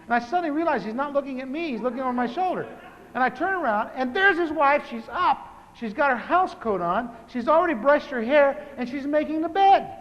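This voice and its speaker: A pastor in his fifties tells his own testimony in a humorous sermon. He is an animated storyteller who repeats words for comic effect. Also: very high voice, a little fast, dull audio. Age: 50s. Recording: live talk in a reverberant hall with faint hiss.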